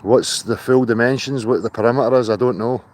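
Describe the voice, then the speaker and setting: A man's voice: medium pitch, fairly even intonation, fairly quick, a little mellow, slight background noise. A man hosting a casual livestream outdoors, chatty and loose, swearing now and then. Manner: chatty, greets viewers by name, swears in asides. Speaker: livestream host.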